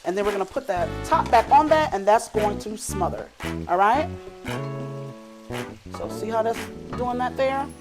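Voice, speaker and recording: A middle-aged woman hosts a casual cooking vlog from her home kitchen, chatty and teasing as she calls her viewers "y'all." Her voice is on the high side and expressive, at normal speed with long pauses, while music and family chatter play in the background.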